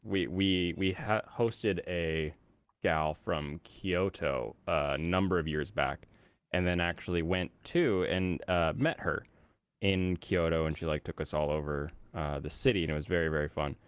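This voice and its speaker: Man, lowish voice, casual host chat, animated storyteller, dry sound. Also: measured pace, clean tone, no echo. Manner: animated storyteller, laughs often.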